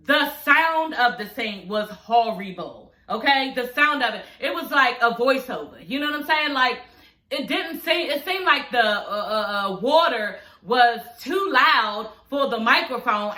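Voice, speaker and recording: In a reverberant recording, a woman's high voice comes across pushed and bright. She's a recap vlogger going over a TV episode in a chatty, profane way, laughing often and addressing viewers as y'all and girl.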